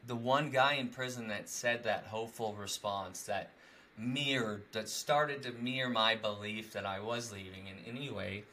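Bright-voiced young man, rambling casual chat. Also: fairly low pitch, fairly even intonation, moderate pace, a little hiss or hum. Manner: rambling, many "like" fillers, laughs often.

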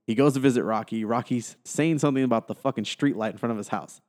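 Male podcast co-host, casual and profane, acts out lines in a low voice, long reverb. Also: fast, hardly any pauses, darkish tone. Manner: swears freely, acts out characters' lines in a low voice. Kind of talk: casual movie review chat.

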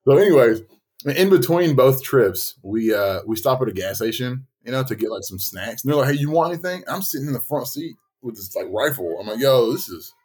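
Podcast co-host, male, husky lively storyteller, casual and profane. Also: mid-range voice, fairly quick. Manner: animated, swearing, acts out quotes.

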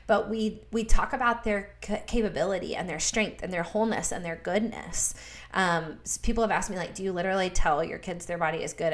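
A woman's voice: mid-range voice, fairly bright tone. A woman in her thirties speaking earnestly in a faith-based podcast conversation, repeating words for emphasis. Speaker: guest speaker.

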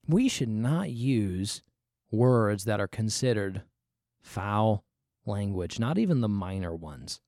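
A man hosts a Christian podcast in conversational commentary, speaking emphatically and with exasperation and repeating himself for emphasis. His voice sits on the low side with a darkish tone, animated yet slow. The recording is studio quality with no echo.

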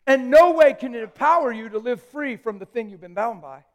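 A man with a very high voice preaches a live sermon, swinging between hushed, almost whispered asides and loud, emphatic declarations. He jokes easily with the congregation. His voice rings with the long reverb of a church hall. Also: animated, a little fast.

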